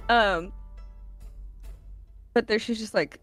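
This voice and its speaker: A woman's voice: fairly high pitch, lively intonation, normal speed, faint music behind. A woman from Boston playing a tabletop game, teasing the others with jokes and swearing. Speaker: player. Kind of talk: casual tabletop game chat.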